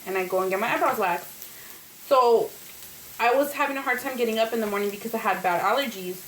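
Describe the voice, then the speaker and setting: A woman's voice: fairly high pitch, fast talker, a bit bright. A woman vlogger telling a rambling, profane story while cooking in her kitchen, with food sizzling in the background. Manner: chatty, profane, rambling with many fillers. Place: home kitchen. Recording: echoey kitchen, faint noise. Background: food frying and sizzling.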